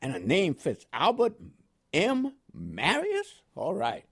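A high, husky voice belongs to an older Panamanian man who speaks slowly. He's animated and often chuckles as he shares his life story in an oral history interview, his New York accent shaded with West Indian inflections.

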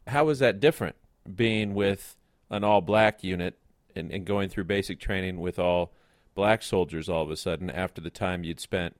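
Interviewer guy, really low voice, asks questions n fills in context. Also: normal speed, no echo, clean studio sound. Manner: prompting, explains for listeners. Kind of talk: oral history interview.

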